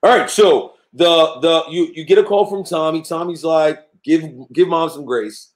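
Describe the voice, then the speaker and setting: A man hosting an interview podcast, recapping and framing questions in a halting way with many repeated words. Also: on the high side. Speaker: podcast host. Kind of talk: conversational interviewing. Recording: roomy echo.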